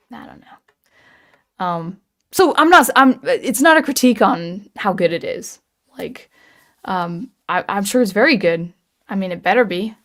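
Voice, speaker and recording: A woman hosting a livestream, reading chat comments and musing aloud in casual chat, hesitant with many ums and restarts. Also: medium pitch.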